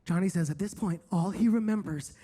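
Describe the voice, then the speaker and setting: A man's voice: sits high, brisk, mellow, breathy edge. A male stand-up comedian telling a story in a campy, flamboyant way, chatting straight to the crowd. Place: comedy stage.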